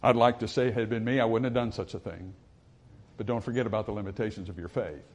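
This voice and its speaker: A man preaching a sermon to his congregation in an earnest voice. He rises for emphasis and then drops low and quiet. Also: fairly even intonation, fast talker. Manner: reads scripture in old-style phrasing.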